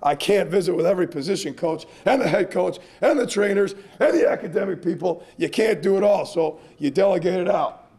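A man's voice: high voice, fairly quick, a little mellow. A man, a strength coach, giving a clinic presentation in an earnest, emphatic, repetitive way.

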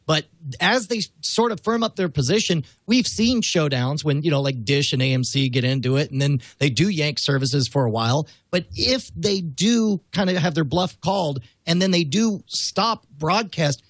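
A man's voice: on the high side, animated, normal speed, few pauses, husky, dry recording. A man co-hosting a tech news podcast in a chatty, hedging way with many fillers. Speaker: podcast co-host. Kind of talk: casual tech news discussion.

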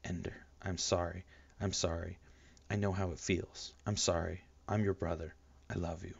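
A menacing, mocking older boy, voiced by a man reading aloud. The delivery is low and taunting, never far from threat. The sound is dull and lo-fi, dry and close. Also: steady tone, moderate pace, a little mellow, no room sound, close to an everyday voice. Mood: whispered.

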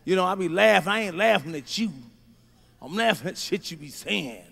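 Loud, profane stand-up comedian, high voice. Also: male voice, lively intonation, moderate pace, vocal fry. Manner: loud, profane storytelling, swinging from mutters to shouts. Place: large comedy venue stage. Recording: live show, faint crowd ambience.

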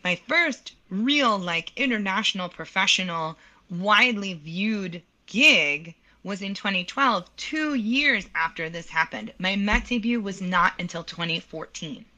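A woman in her thirties, an opera singer, tells stories from her career in an animated way during an interview. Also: medium pitch, a little slow. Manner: animated, laughs often, acts out quoted lines. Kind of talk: storytelling in a podcast interview.

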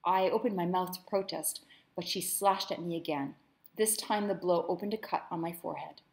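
A woman teacher reading a novel aloud with commentary, measured and expressive. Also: fairly low pitch, creaky.

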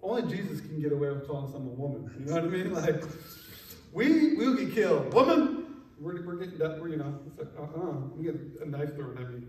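A man's voice: on the high side, fast talker, few pauses, warm tone. A male pastor preaching a casual, joking sermon in a conversational way. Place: church sanctuary. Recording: echoey room from a distance.

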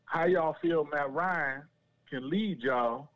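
A man calling in to a sports show, arguing slowly and insistently over the phone. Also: a little high. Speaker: caller. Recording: muffled distant phone line.

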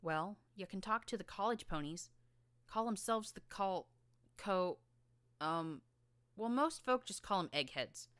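A woman's voice: mid-range voice, expressive, a little slow, a bit bright, no echo, pitched above the performer's own voice. Woman doing a scrappy drawling filly. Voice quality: rough rural drawl. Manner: blunt, boastful, slangy. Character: tough streetwise young filly gang leader.

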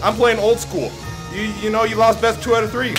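A young man giving chatty gameplay commentary, explaining his own mistakes and breaking into excited shouts at his opponent. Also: sits high, fairly quick, over music. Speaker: gaming YouTuber.

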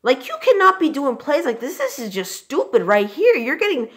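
Young dude yelling at a football game, swearing, bro every sentence, voice jumps all over. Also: male voice, very high-pitched, sing-song, moderate pace. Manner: profane, exasperated, says "bro" constantly. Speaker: channel host reacting to a football game. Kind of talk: live sports reaction commentary.

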